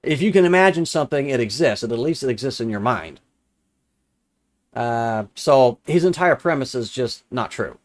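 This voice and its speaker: A man's voice: medium pitch, expressive, normal speed. A young adult man commenting on a viewer's comment, sarcastic and exasperated, repeating lines for emphasis. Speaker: religious commentator answering comments. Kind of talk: casual commentary reading and rebutting a comment.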